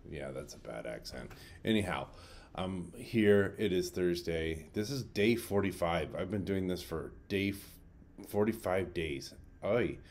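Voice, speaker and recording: A man's voice: low-pitched, takes it slowly, darkish tone. A man recording his own daily vlog, talking casually in a rambling, upbeat way and often correcting himself. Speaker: daily vlogger. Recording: faint outdoor traffic hum.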